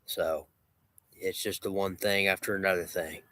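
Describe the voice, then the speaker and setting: A man's voice: deep voice, fairly even intonation, moderate pace, bright, forceful tone, no room sound. A man who runs a lawn care business, talking in a rambling, repetitive and boastful way with many restarts. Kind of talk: rambling casual monologue.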